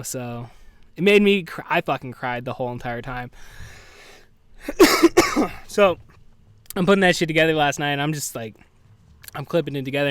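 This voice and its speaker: Man, podcast host, solo casual monologue, grieving and subdued, profane, lots of "dude", smooth resonant voice. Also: fairly high pitch, a bit bright, no echo. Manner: rambling, profane, peppers talk with "dude" and "like". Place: at home with farm animals nearby.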